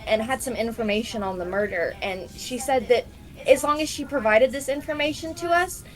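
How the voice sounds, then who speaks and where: Lively woman playing a princess. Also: high voice, low-quality recording. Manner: lively, sweetly eager, with rising lilts. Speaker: player. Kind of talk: playing a princess in a tabletop game.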